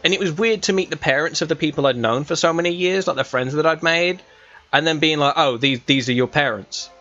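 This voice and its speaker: A man's voice: a little high, fairly quick, bright, forceful tone, muffled recording, soft background music. Rambling young man, West Midlands English. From England. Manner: rambling, chatty, full of fillers and restarts. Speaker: gaming streamer. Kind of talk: casual gameplay chat.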